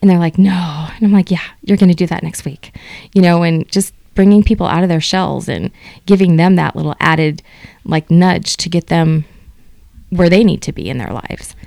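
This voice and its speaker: A woman's voice: fairly low pitch, moderate pace, vocal fry, dry recording. A middle-aged woman chatting as an interview guest, telling stories animatedly and acting out what people said. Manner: animated storyteller, acts out quoted dialogue. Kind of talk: casual interview chat.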